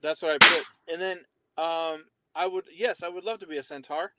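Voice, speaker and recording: A male rapper as a guest on a video call, halting and deadpan, with many uhs. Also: fairly high pitch, very noisy. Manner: hesitant, deadpan, full of uhs. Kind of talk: casual chat.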